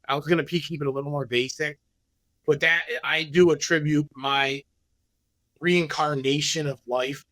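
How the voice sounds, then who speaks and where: Animated man telling his story. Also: a little high, normal speed, no echo. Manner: animated, acts out other people's words in his story. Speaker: podcast guest, business owner. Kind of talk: candid storytelling in a podcast interview.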